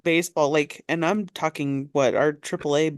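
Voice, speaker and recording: A woman's voice: low voice, steady tone, moderate pace, no room sound, studio quality. A woman co-hosting a podcast, bantering in a playful, teasing way. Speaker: podcast co-host.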